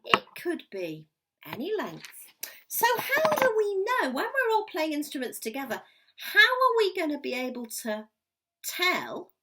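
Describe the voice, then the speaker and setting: A woman's voice: sits high, bright, forceful tone, a little hiss or hum, poor audio. A woman teaching a recorded music lesson to young children at home, in a sing-song, encouraging way that draws words out. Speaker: primary school music teacher.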